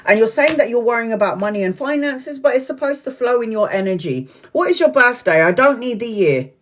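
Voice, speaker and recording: A woman's voice: a little high, expressive, fairly quick, slight background noise. Blunt, swearing woman tarot reader. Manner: frank and blunt, swears freely, laughs often, digresses. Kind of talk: live-streamed tarot reading.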